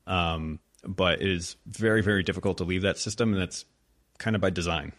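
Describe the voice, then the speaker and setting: Low-voiced man musing on a podcast. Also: brisk, a bit bright. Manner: hedging, many fillers, wry asides. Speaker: podcast co-host. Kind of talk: casual podcast discussion.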